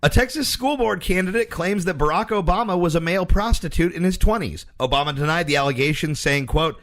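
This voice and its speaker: A man's voice: high voice, animated, fairly quick, hardly any pauses, a bit bright. A man co-hosting a comedy podcast, reading out joke headlines in a playful news-style delivery. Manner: playful, tells jokes in a news-anchor cadence. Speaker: podcast co-host. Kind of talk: comedic joke-trading banter.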